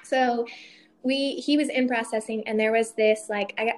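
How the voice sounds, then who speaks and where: A young woman with a slightly high voice tells a story in casual chat. She acts out each quoted line with lively swings in tone and laughs often. She speaks as a military spouse swapping stories. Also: normal speed, slight background noise.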